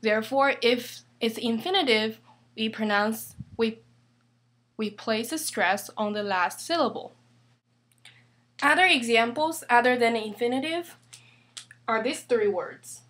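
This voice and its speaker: A woman with a somewhat high voice hosts an online language lesson. She is patient and steady, repeating examples and spelling out each rule step by step. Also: unhurried, pauses often. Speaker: Spanish teacher.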